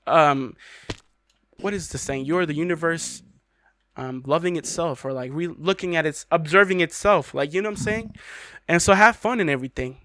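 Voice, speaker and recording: Young male gamer host, high voice, bone-dry close mic, slangy and incredulous. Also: moderate pace, pushed and bright, no room sound. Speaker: gaming channel host. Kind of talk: casual gameplay commentary.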